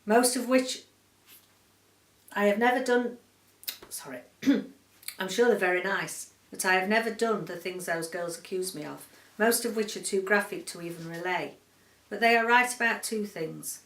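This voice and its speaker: A woman book vlogger from the UK reading a short story aloud in a quiet, measured, subdued way. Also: medium pitch, distant mic. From United Kingdom. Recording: roomy echo, voice set back from the mic.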